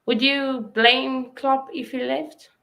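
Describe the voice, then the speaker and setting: A woman's voice: high voice, steady tone, slow, gravelly, sharp tone, a little hiss or hum. A woman co-hosting a casual football chat, putting tentative questions to the host.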